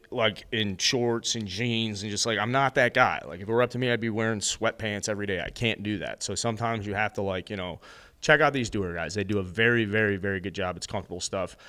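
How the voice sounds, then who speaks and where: A man's voice: on the low side, pushed and bright, smooth. A man in his thirties with an American accent, co-hosting a casual sports podcast and reading an ad in a loose, rambling way. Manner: loose and rambling, lots of fillers. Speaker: podcast co-host. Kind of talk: casual sports chat with host-read ad.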